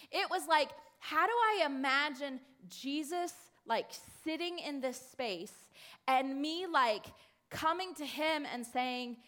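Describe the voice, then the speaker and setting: A woman speaking to a congregation in a sermon-style talk, telling a story with many fillers and quick restarts. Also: high voice, pushed and bright. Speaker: church speaker.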